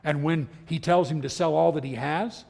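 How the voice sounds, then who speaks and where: Gravelly middle-aged man teaching in a hall. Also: on the high side, moderate pace. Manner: animated storytelling, acting out quoted voices; chuckles as he talks. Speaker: Bible teacher. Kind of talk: teaching a Bible class. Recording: long hall reverb.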